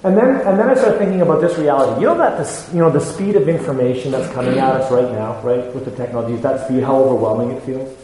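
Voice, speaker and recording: A man in his forties giving an earnest, halting talk as a ministry speaker, with many fillers and restarts. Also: mid-range voice, dark tone, a little hiss or hum. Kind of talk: conference talk. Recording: echoey hall with faint ambience.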